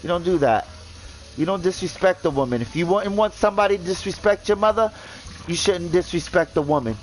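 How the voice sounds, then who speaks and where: A man's voice: high voice, brisk, rough recording. A man ranting indignantly in casual commentary, swearing and repeating himself as he stumbles over words. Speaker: gaming vlogger.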